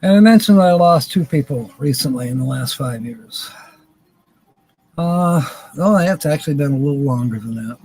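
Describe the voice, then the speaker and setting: A man hosting a live stream, talking to his viewers in a rambling, folksy way. His voice sits a little high for a man, and he cracks jokes as he goes. A faint ambient hum runs underneath. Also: lively intonation, normal speed, darkish tone, low-quality recording. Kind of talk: casual live stream chat.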